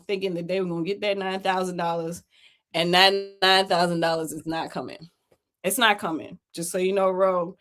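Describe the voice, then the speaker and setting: A woman's voice: medium pitch, a bit bright. A woman hosting a livestream, talking in a blunt, mocking way and laughing often as she goes through documents for her viewers. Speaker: host. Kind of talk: livestream commentary.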